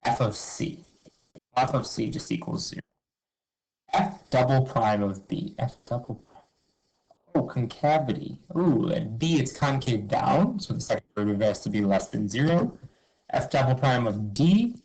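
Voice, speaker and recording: A man's voice: medium pitch, sing-song, normal speed, a little mellow, a little hiss or hum, rough recording. A man teaching a math review lesson, upbeat and informal, talking through each step and asking himself questions. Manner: upbeat, explains step by step, asks and answers his own questions; informal, says okay and cool a lot.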